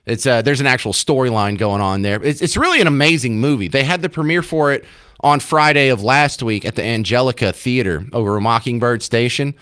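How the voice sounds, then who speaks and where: A man's voice: mid-range voice, expressive, a little fast, fairly bright tone, smooth, no echo, clean studio sound. A man hosting a talk radio show, chatting in a rambling, self-mocking way. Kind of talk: casual talk radio monologue. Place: radio studio.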